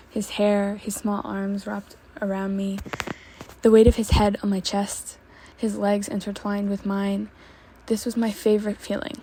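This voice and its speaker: Woman reader, casual fanfiction narration, mellow, gravelly. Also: medium pitch, a little hiss or hum. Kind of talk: reading fanfiction aloud.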